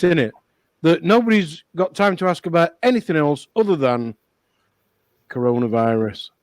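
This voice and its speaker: A man with a high voice that swoops up and down, joking and swearing freely in a round-table chat. The sound is dry and close. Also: no room sound. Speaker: co-host.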